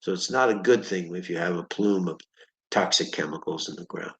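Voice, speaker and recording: A man's voice: deep voice, brisk, reverberant, rough recording. A man tutoring a student in vocabulary, patiently explaining each word with examples and often checking in with "okay?". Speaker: reading tutor. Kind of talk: one-on-one vocabulary lesson.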